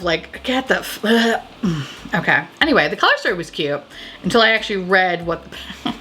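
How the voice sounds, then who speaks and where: A woman's voice: mid-range voice, moderate pace, sharp tone, slight background noise. A young woman giving casual, profane and sarcastic commentary on new makeup releases.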